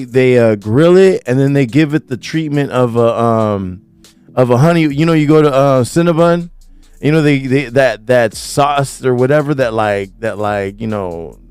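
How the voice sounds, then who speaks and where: A young man talking casually as a vlogger, slangy and excitable, swearing freely and whooping loudly. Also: mid-range voice, smooth, dry recording. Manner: swears casually, many fillers. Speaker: vlogger describing a food trip. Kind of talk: casual chat over photos. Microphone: studio mic.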